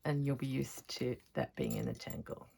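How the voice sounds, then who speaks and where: A woman's voice: very deep voice, huge pitch swings, moderate pace, creaky, noisy background. A woman chatting casually in a crafting vlog, thinking aloud as she works on her stitching. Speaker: textile artist showing her stitching.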